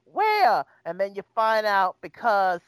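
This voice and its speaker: A woman's voice: mid-range voice, sing-song, slow, dry recording, low-quality recording. A woman chatting as a podcast co-host, exasperated and sarcastic, often voicing other people's lines. The sound is dry, with no room around her voice. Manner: exasperated, sarcastic, acts out quotes. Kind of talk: casual chat.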